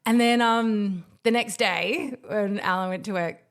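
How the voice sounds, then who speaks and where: Woman podcast host; animated, dramatic storyteller, casual and a little profane. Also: mid-range voice, unhurried. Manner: swears casually. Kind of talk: casual chat.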